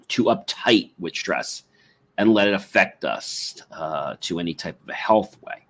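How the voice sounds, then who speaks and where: A man hosting a solo podcast, rambling with frequent ums and uhs and guiding listeners through slow breathing. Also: fairly low pitch, a bit bright. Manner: leads a slow guided breathing exercise. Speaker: podcast host.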